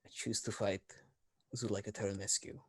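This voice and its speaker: A tabletop game player speaking in character in a deliberate, matter-of-fact way. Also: sits low, level tone, slightly rough, no room sound.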